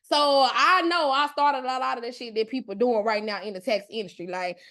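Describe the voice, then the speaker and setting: A woman in her thirties with a Mississippi accent hosts a live online class. Her voice sits high, and she talks in a loud, brash, cussing way that stays playful and chatty. She is recorded on a computer mic in a live video session. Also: fairly quick. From Mississippi, USA. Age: 30s. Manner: loud, profane, playful, talks straight to the chat. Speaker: host, online class teacher.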